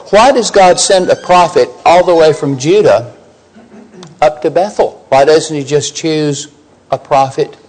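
A man's voice: on the high side, darkish tone, rough recording. A man preaching a sermon, emphatic, putting questions to his listeners and rising on key scripture lines.

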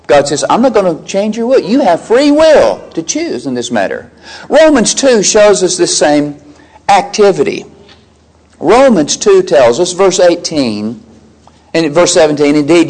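A man preaching a sermon, reading scripture aloud and shifting between loud emphatic declaiming and quiet low asides.

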